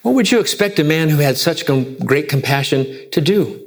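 A man preaching a sermon, emphatic and rhetorical, with repeated questions and wide swings from loud to hushed. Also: on the high side, expressive, normal speed. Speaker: pastor.

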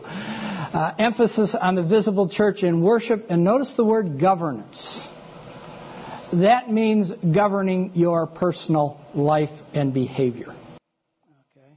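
High-voiced man teaching from the pulpit. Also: measured pace, slightly rough, dull audio. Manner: conversational, checks in with listeners. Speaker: preacher. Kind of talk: sermon-style teaching lecture.

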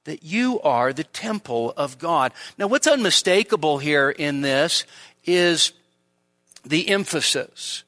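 A male preacher gives a teaching sermon at a church service, taking his time over each point. His voice sits a little high and sounds bright and forceful. He puts rhetorical questions to the congregation and sinks into quiet asides. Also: expressive, slow. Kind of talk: expository sermon.

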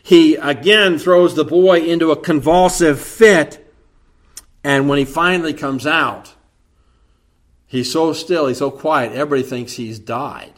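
Guy preaching a sermon, slow and careful, kinda high voice. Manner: earnest expository preaching, slow and deliberate.

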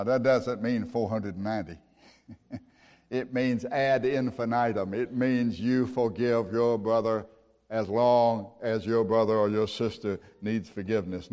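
A man with a medium-pitched, somewhat dark voice preaches a sermon, spinning stories in a folksy, conversational manner and posing rhetorical questions. Long hall reverb surrounds the recording.

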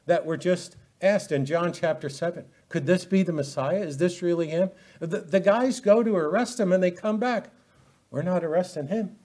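A man preaching an expository Bible sermon, animated and full of rhetorical questions. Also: fairly high pitch. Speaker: pastor.

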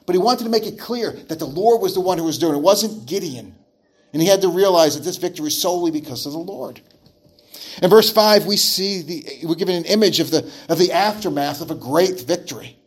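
A man preaching an earnest sermon, repeating phrases and restarting lines as he explains a Bible passage. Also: sits high. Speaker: pastor.

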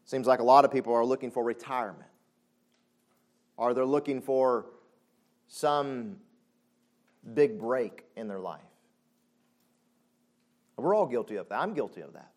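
A man preaching a sermon. He talks conversationally with frequent asides and swings between loud exclamations and soft, low passages. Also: unhurried, long pauses. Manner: conversational, with frequent "you know what I'm saying" asides. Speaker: pastor.

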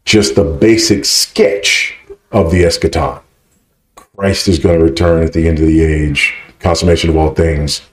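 A man's voice: extremely low pitch, steady tone, measured pace. A man speaking at a conference Q&A, teaching emphatically and often checking with "right?". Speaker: conference speaker answering questions. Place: conference hall. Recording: echoey hall.

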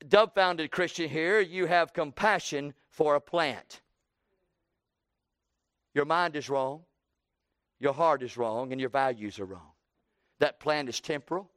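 A man preaching a sermon, building to loud emphatic runs and dropping low, with folksy plain phrasing. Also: no room sound, clean studio sound. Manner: preaching with swelling emphasis and sudden drops.

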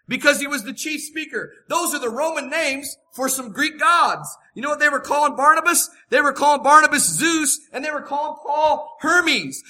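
A man's voice: very high-pitched, animated, normal speed, few pauses, pushed and bright. A man preaching a sermon, emphatic and repeating his key phrases for weight.

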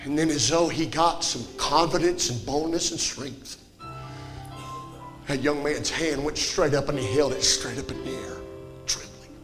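A man preaching a fiery revival sermon in a church, telling a story that swells into impassioned shouting. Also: on the high side, measured pace, soft background music. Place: church sanctuary.

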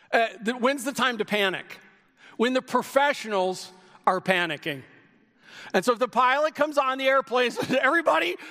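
A man preaching a sermon in a lively way, sometimes raising his voice to a shout for key lines. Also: very high-pitched. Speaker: pastor. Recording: long hall reverb.

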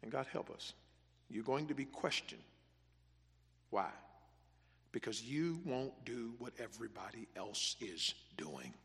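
A man's voice: mid-range voice, animated, unhurried, pauses often, fairly bright tone, long reverb tail. A man preaching a sermon as pastor, driving points home through emphatic repetition.

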